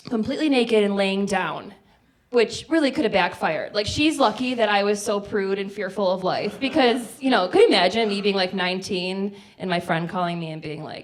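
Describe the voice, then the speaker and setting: A woman in her forties from the Midwest, telling a comic personal story on a small theater stage, chatty and full of "like". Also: mid-range voice. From American Midwest. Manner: chatty, lots of "like", acts out quoted voices. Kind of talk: live comedic storytelling.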